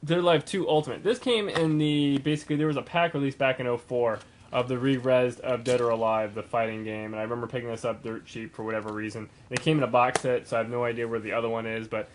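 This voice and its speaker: A young man rambles through a casual gaming video blog at a quick clip. His voice sits at a middling pitch, and he keeps stumbling over fillers and restarts. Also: flat delivery, a little hiss or hum. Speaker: gaming vlogger.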